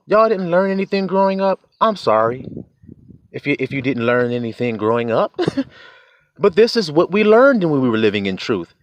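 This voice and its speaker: A man's voice: mid-range voice, big pitch swings, moderate pace, no room sound. A young man, giving life advice in a casual, preachy monologue, laughing often, swearing, and acting out quotes.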